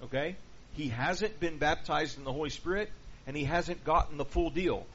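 A man's voice: a little high, normal speed. A man preaching in a conversational teaching style, checking in with his listeners through rhetorical questions. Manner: peppers points with rhetorical "okay?" and "right?". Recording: dull lo-fi recording with faint background noise.

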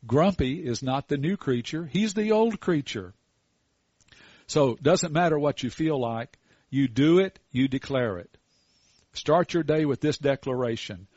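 An older man preaching a sermon in a folksy, storytelling way with animated asides. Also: a little high, a little slow, no echo, highs cut off.

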